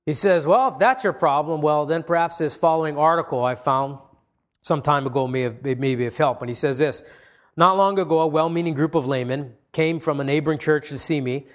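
Man, slightly high voice, earnest sermon delivery, measured pauses. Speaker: pastor.

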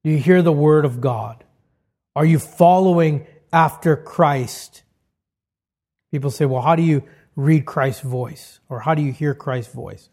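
Man preaching a rising, passionate sermon. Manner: builds to loud, high emphatic peaks, then drops to hushed, slow lines. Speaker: pastor.

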